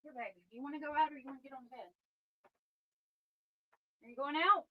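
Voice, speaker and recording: A woman's voice: sits high, fast talker, highs cut off, a little hiss or hum. A woman hosting a heated commentary stream, ranting angrily and swearing at viewers into a close microphone. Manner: angry, profane, ranting at viewers. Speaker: commentary channel host. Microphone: close desk microphone.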